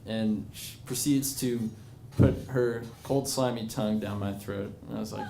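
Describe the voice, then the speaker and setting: A man's voice: on the low side, steady tone, a little slow, vocal fry, few pauses. A man in his twenties telling a personal story to a live bar audience, rambling and self-mocking, with many fillers. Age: 20s. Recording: echoey bar with crowd noise.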